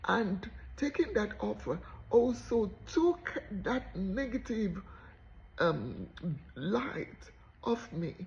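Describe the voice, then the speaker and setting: Woman, motivational storyteller, animated, slightly gravelly voice, muffled lo-fi sound. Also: mid-range voice, extremely slow, a little hiss or hum. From Nigeria. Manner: animated, acts out the voices of people in her story. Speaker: motivational speaker.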